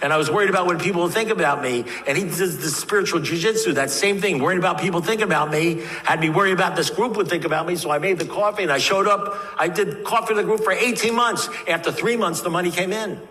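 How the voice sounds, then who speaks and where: A man's voice: high voice, fast talker, hardly any pauses, bright, forceful tone. An older man speaking at a recovery meeting, telling his story with wry, self-mocking humor. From United States. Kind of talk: personal storytelling talk. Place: meeting hall. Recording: echoey hall with faint background noise.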